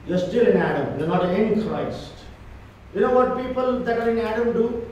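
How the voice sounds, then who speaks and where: A man's voice: high voice, lively intonation, moderate pace, a little mellow, dull audio, slight background noise. A man preaching a church sermon with emphatic, repetitive delivery. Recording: echoey church hall from far off.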